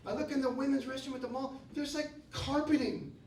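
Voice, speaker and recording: High-voiced man in his fifties doing stand-up. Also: steady tone, fairly quick, a little hiss or hum. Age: 50s. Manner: storytelling, bursts into shouted rants. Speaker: stand-up comedian. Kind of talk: stand-up comedy set. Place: comedy club stage. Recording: roomy club sound from a distance. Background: audience laughing.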